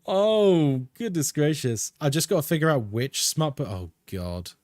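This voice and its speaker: A man's voice: a little high, animated, unhurried, darkish tone, no echo, clean studio sound. Chatty British man streaming games. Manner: chatty, laughs a lot, reads chat aloud. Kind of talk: casual live-stream chat.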